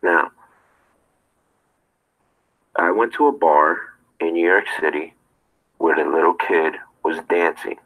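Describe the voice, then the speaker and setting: Deep, forceful man ranting. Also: poor audio. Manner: confrontational, fires rhetorical questions. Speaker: streamer. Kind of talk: ranting monologue to viewers.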